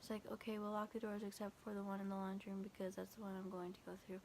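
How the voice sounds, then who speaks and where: A young woman recounts a frightening night in a loose, rambling storytime, forever quoting what was said with "I was like." Her voice stays flat in pitch and has a gravelly fry. A faint ambient hiss sits behind her. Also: racing. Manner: quotes texts with constant "I was like", "he's like"; rambling, filler-heavy, frequent restarts. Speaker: vlogger. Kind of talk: casual storytime retelling.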